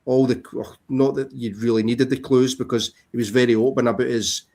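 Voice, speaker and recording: A man in a casual video call chat, showing records and rambling with many pauses and ums. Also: mid-range voice, level tone, vocal fry, darkish tone. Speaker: vinyl collector showing records.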